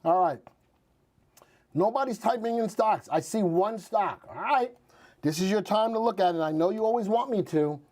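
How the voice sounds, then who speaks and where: A man's voice: sits high, animated, moderate pace, darkish tone. A male host giving live, chatty commentary on stock charts and reading out viewers' ticker requests. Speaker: market news host.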